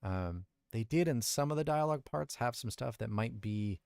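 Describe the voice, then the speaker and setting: A man's voice: mid-range voice, expressive, moderate pace, creaky, hardly any pauses, darkish tone, smooth, no echo, clean studio sound. A male voice actor chatting casually on a livestream, explaining his editing and thinking aloud from his recording booth. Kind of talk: casual livestream chat about audio editing.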